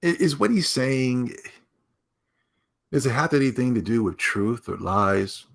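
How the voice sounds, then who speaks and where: A man's voice: medium pitch, lively intonation, unhurried, vocal fry. Male streamer, mid-range voice, rambling sarcastic reaction commentary. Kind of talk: casual commentary.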